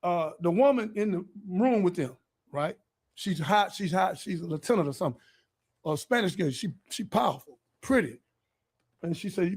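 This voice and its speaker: A man hosting a podcast, delivering a fiery, profane, preachy monologue and breaking into shouts. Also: high-pitched, lively intonation, normal speed. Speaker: podcast host. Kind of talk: heated monologue.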